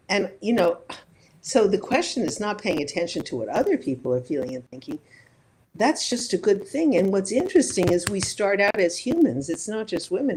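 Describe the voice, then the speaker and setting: A woman's voice: medium pitch, darkish tone, slight background noise, poor audio. A woman psychologist being interviewed, building her points thoughtfully through examples and rhetorical questions. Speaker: psychologist guest. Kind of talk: reflective interview conversation.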